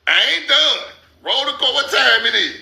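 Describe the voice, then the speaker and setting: A man hosting a casual commentary over maps, loud and incredulous, laughing and swearing, stretching out words slowly for emphasis. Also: very high voice, very animated, creaky. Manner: slow, drawn-out emphasis on names. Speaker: host.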